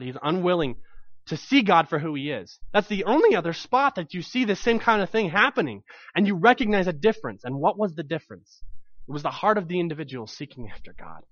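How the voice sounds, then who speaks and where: A man's voice: fairly high pitch, fairly bright tone, no room sound, dull audio. A man preaching a sermon to his congregation, telling the story with animation and acting out the voices in it.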